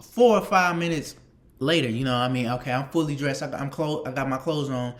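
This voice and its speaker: A young man casually telling a story, animated and slangy, repeating phrases for emphasis and swearing freely. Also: medium pitch, a little fast. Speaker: storytime vlogger.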